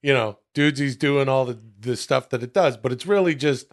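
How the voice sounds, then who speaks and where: A man's voice: mid-range voice, a little fast. A man co-hosting a podcast, joking, swearing and bantering casually. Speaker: podcast co-host. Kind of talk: casual chat.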